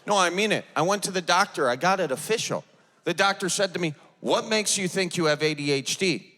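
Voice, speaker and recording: A man's voice: high-pitched, fairly quick, pushed and bright, big-room sound. A man from the American Midwest with an Upper Midwest accent, performing a stand-up comedy set and acting out people in dialogue. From Midwest United States. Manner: self-deprecating, acts out characters in dialogue. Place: large theater stage with audience.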